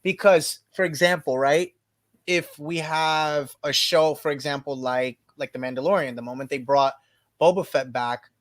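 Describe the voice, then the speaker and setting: Sex: man. Role: chatty live stream host. Pitch: slightly high. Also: normal speed. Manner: animated and chatty, with frequent restarts. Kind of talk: casual chat.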